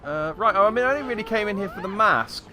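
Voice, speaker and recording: A man's voice: high-pitched, animated, fast talker, background noise. A man giving a chatty, wry running let's play commentary, hesitating as he thinks aloud. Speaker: gaming YouTuber.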